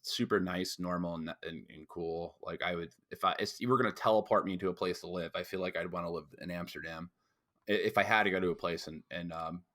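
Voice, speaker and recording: A young man from New York rambles through a story for a podcast, stopping to mimic others in loud outbursts. His voice sits fairly low, and he swears freely in a loose, casual chat. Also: fairly even intonation, fast talker. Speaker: podcast co-host.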